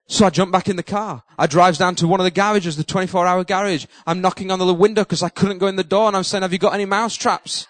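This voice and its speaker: Middle-aged male preacher, high voice, animated storyteller who mocks himself. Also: fast, hardly any pauses, dry recording, low-quality recording. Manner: animated, self-mocking storyteller who acts out his own panic. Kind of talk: sermon storytelling.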